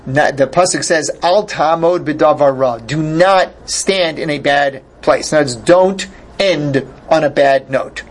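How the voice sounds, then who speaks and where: Man with a slightly raised pitch, explanatory Torah teacher who translates his Hebrew phrases as he goes. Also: a little slow. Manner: glosses each Hebrew phrase in English; thinks aloud, with repeated starts.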